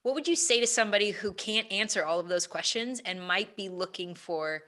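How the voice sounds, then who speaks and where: A woman's voice: medium pitch, expressive, brisk, sharp tone. A woman hosting a podcast, asking enthusiastic, thoughtful interview questions. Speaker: podcast host and coach.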